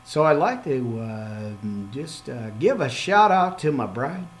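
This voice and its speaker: Excitable preaching man, slightly high voice. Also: a little slow, a little hiss or hum. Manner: excitable, talks to himself, playful asides; preacherly amens and exhortations. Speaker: minister and podcast host. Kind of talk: live ministry podcast sign-off.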